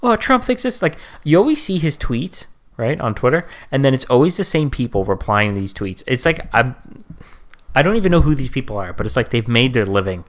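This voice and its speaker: A man co-hosting a podcast in casual chat, animated, with his pitch jumping up when he mocks what other people say. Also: brisk. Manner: animated, jumps up in pitch for mocking quotes. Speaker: podcast co-host.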